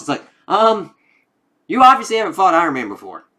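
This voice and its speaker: Dude rambling through a comic review, lots of cussing and "like", kinda sharp bright tone. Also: male voice, sits high, huge pitch swings, a little fast. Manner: profane, rambling retelling full of fillers. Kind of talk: casual spoken review.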